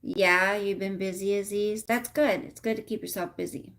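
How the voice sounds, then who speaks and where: A woman's voice: mid-range voice, fairly even intonation, moderate pace, fairly bright tone, slight background noise. A middle-aged woman casually chatting with viewers on a livestream, reading out their comments. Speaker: livestream host. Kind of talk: casual live chat with viewers.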